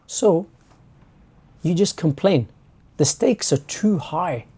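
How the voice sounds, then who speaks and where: A man's voice: a little high, animated, takes it slowly, darkish tone, husky. A man hosting his channel, talking through a reflective monologue and acting out imagined exchanges in a conversational way. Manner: acts out imagined dialogue in a conversational way. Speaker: channel host.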